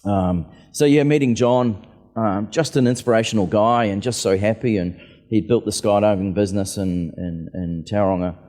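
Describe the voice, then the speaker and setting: A book festival guest, this author and aviator speaks at a normal pace in a fairly low, darkish voice, casually telling stories and performing quoted voices of people he met. The recording echoes with the venue hall's reverb.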